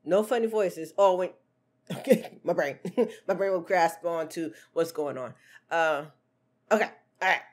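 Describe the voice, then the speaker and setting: A woman giving casual, excitable reaction commentary on stream clips, laughing often. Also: fairly low pitch, measured pace.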